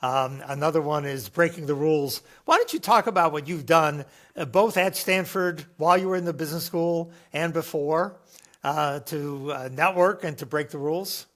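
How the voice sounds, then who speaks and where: Measured professor host, slightly high voice. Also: male voice. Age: older. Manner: measured, with soft fillers. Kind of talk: interview questions.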